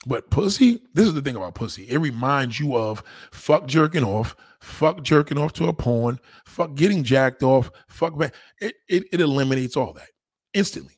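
Husky blunt man ranting. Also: mid-range voice, animated, no echo, clean studio sound. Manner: blunt, crude, rambling, talks fast. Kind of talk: casual profane monologue.

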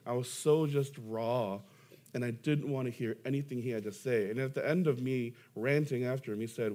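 Young male pastor, mid-pitched, preaching with lively, self-deprecating stories and emphatic peaks. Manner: animated storytelling, self-deprecating humor, emphatic rises. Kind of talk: sermon.

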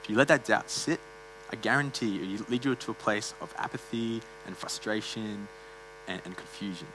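A man's voice: lowish voice, normal speed, noisy background. A man preaching a sermon in a church, earnest and conversational, with frequent fillers and restarts.

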